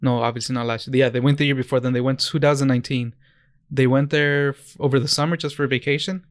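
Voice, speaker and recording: Young american guy rambling thru stories on a podcast, smooth clear voice, dry close mic. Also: mid-range voice, fairly even intonation, fast talker, no room sound. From United States. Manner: rambling storyteller, restarts often. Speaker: podcast co-host. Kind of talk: casual chat.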